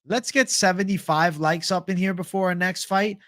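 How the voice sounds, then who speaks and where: Young male stream host, slightly high pitch, dry close mic, loose profane chat. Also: steady tone, moderate pace, a bit bright, dry recording. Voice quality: casual, profane, reads chat aloud. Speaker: MMA livestream host. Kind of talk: casual livestream fight picks chat.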